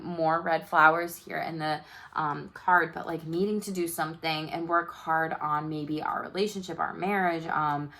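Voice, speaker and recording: A woman's voice: on the low side, a bit bright. A woman doing a casual tarot reading, chatty and loose, full of fillers and the odd swear word. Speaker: tarot reader.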